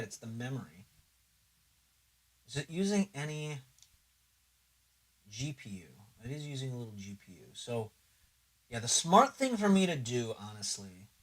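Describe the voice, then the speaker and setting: A man's voice: mid-range voice, bright, forceful tone. A young man chatting casually on a livestream, rambling and swearing, sometimes talking himself through his computer setup. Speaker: streamer.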